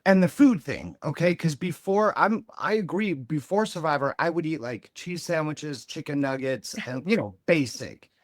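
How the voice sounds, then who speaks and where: Guy podcast cohost, bouncy lively voice, a bit high, super enthusiastic. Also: moderate pace, hardly any pauses, no echo, studio quality. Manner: enthusiastic, animated chatter. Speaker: podcast co-host. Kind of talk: casual chat.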